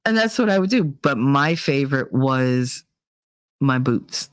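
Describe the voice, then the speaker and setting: A woman's voice: very deep voice, a little slow, clean tone, no room sound. Woman, 30s, casual rant, laughing and swearing, dry close sound. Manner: animated, laughs often, swears, acts out quoted voices. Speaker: podcast host.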